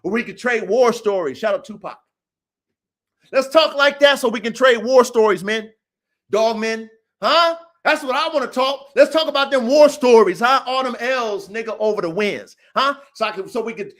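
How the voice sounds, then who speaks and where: With an extremely high, fairly bright voice, a dog breeder hosting his podcast rants at a moderate pace. The monologue is profane, boastful and combative, repeating itself and throwing challenges at the audience.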